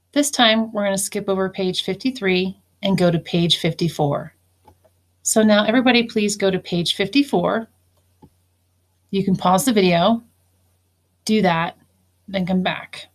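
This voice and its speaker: A woman teacher talks through a recorded phonics lesson at an unhurried pace, with a voice of ordinary middle pitch. She spells words out letter by letter and explains each syllable patiently.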